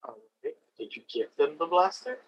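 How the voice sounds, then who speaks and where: A man playing a tabletop role-playing game, speaking bluntly and gruffly as his character. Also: on the high side, very animated, a little fast. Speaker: player. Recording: dull lo-fi audio, faint noise.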